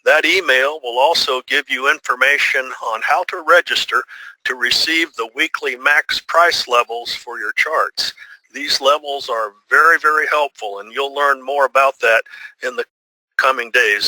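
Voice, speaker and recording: A man hosting a webinar, reading smooth, polite announcements and introducing the speaker. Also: medium pitch, normal speed, bright, forceful tone, no room sound, poor audio. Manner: smooth, polite, well-rehearsed. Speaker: webinar host. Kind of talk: scripted announcement.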